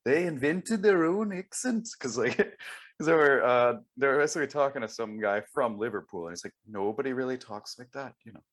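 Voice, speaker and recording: A man's voice: medium pitch, lively intonation, a little fast. A man co-hosting a casual podcast chat, joking along and riffing with his co-host. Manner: laughing, riffs in silly put-on voices.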